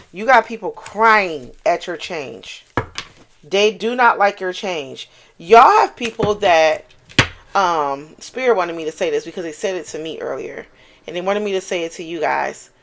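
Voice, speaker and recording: Casting a woman as a tarot reader: casual, animated, swears freely, hammers points by repeating them. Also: fairly low pitch, a little hiss or hum. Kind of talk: casual channeled tarot reading.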